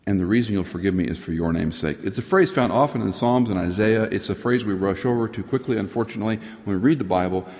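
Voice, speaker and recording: A man's voice: quick pace, hardly any pauses, darkish tone. Earnest male preacher in a reverberant hall. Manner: earnest, rises in pitch for emphasis, drops to a near whisper at times. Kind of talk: sermon.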